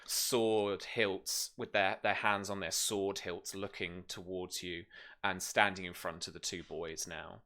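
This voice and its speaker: A man's voice: deep voice, little pitch movement, a little slow, bright, forceful tone. A man narrating as game master, describing scenes in loose speech with many fillers and restarts.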